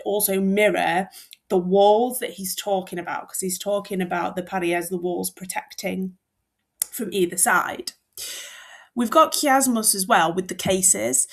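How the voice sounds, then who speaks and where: Young woman teacher, casual classroom explainer, slight fry in the voice. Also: on the low side. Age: young adult. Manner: chatty and informal, with fillers and asides.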